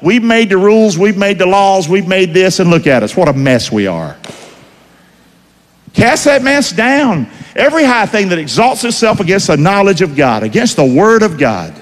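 Emphatic preacher in a reverberant hall. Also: male voice, sits high, big pitch swings, brisk, hardly any pauses. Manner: emphatic call-and-response preaching. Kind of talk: sermon.

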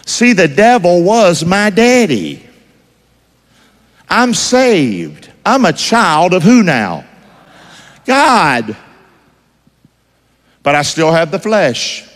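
A preacher with a fairly high voice swings it up and down as he drives his sermon. He keeps quizzing the congregation for call-and-response, folksy and emphatic. His voice rings out with a long reverb through a large hall. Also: wildly swooping pitch, very slow, long pauses.

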